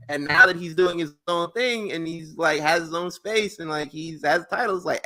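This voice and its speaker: A man's voice: a little high, normal speed. A male podcast co-host telling stories in casual chat, acting out what others said. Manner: animated storytelling, acts out quotes.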